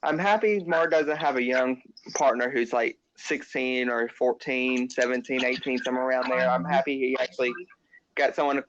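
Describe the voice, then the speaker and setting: A man's voice: mid-range voice, moderate pace, fairly bright tone, highs cut off, a little hiss or hum. A man joining a casual video chat as a guest, easygoing, sharing hunches and opinions. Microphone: video call.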